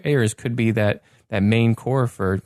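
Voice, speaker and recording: A man co-hosting a podcast, chatting about soccer with halting restarts. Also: fairly low pitch, darkish tone, no room sound, clean studio sound. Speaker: podcast co-host. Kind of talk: casual sports chat.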